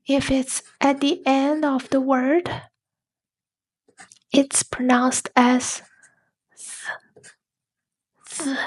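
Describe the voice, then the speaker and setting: A woman giving a whispered ASMR lesson, speaking softly and breathily and repeating words slowly. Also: high-pitched, level tone. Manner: slow, soft and breathy, with many repeated words. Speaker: ASMR Spanish teacher.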